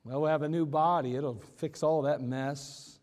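High-voiced man preaching in a reverberant hall. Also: steady tone, darkish tone. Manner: folksy, joking asides, emphatic slowdowns. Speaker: pastor. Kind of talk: sermon.

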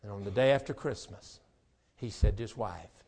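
A man preaching a sermon as pastor, moving between quiet, conversational talk and fervent, shouted rhythmic passages. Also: lowish voice, normal speed. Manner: repetitive, rhythmic preaching cadence.

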